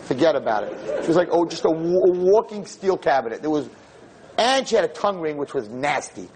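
A male rabbi giving a storytelling lecture, animated and acting out the voices in his tale. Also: a little high, fairly quick, a little hiss or hum.

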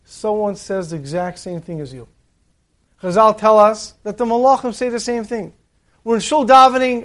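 High-voiced man telling a story sermon. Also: fairly quick. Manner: animated storyteller acting out characters' voices. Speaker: rabbi. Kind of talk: sermon with told stories.

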